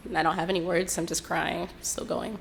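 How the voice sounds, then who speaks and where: A young woman tells her own story in a slow, reflective way, her voice sitting a little low. She shifts into quoted lines as she goes, and a faint hiss of background noise runs beneath her. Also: little pitch movement, vocal fry, a bit bright. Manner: unhurried, reflective retelling with quoted dialogue. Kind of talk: personal storytelling.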